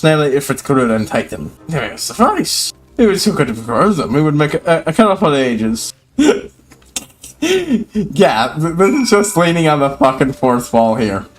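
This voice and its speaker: Cursing streamer with faint music behind. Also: male voice, fairly high pitch. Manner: swears freely, reads quest text aloud. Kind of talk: casual gameplay commentary.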